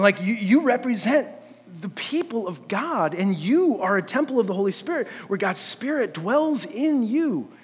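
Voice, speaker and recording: Earnest high-voiced pastor in a reverberant hall. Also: male voice, husky. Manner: conversational, frequent "like" fillers and restarts; earnest, building to emphatic points. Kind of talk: sermon. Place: church sanctuary.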